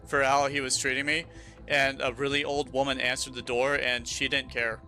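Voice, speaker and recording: Bright-voiced young man rambling on stream. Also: mid-range voice, little pitch movement, normal speed, faint music behind. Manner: rambling, restarting storyteller. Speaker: game streamer. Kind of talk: casual chat while gaming.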